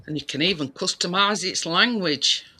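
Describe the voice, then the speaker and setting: A man's voice: high voice, moderate pace, bright, forceful tone, a little hiss or hum. A British man in casual chat as a co-host, rambling with lots of restarts and fillers. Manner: rambling, many restarts and fillers, laughs easily.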